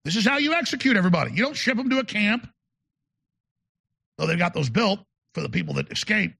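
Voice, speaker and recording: Gravelly high-voiced man ranting. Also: lively intonation, fast talker, bright, forceful tone. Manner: emphatic, rambling, repeats words. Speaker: show host. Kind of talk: talk radio monologue.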